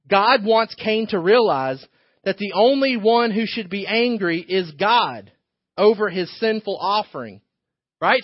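Pastor preaching in a lo-fi recording. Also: male voice, high-pitched, normal speed, dry recording. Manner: conversational preaching with frequent restarts and rhetorical questions. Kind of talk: sermon. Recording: dull lo-fi church recording.

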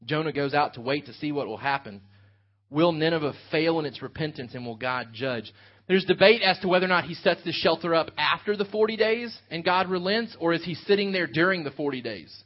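A man's voice: on the high side, animated, brisk. Earnest male preacher, lo-fi recording. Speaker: pastor. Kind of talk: sermon. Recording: dull lo-fi sound.

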